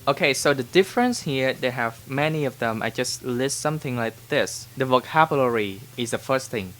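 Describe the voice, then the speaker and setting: A man's voice: medium pitch, animated, moderate pace, a bit bright. A man from Vietnam with a Vietnamese accent, speaking English as a language teacher answering viewer questions in a chatty, informal way, often checking in with the viewer. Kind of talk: casual Q&A lesson to camera.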